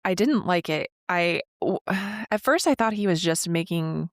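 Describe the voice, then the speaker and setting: A woman with a somewhat low voice co-hosts a casual podcast and walks through a film in close detail, peppering her retelling with fillers. The sound is dry and close, with no room around it. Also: lively intonation, unhurried, dry recording. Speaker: podcast co-host. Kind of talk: casual chat recapping a film.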